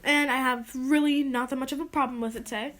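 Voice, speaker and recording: High-voiced woman ranting on a podcast. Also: fairly even intonation, brisk, fairly bright tone. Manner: rambling and exasperated, with many "like"s. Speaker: podcast host. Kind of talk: casual solo podcast rant.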